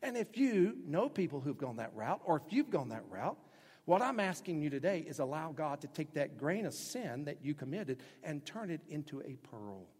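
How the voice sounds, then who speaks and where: Pastor, male, husky and a touch high, emphatic sermon delivery in a reverberant hall. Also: big pitch swings, moderate pace. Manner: emphatic preaching with sudden loud acted-out quotes.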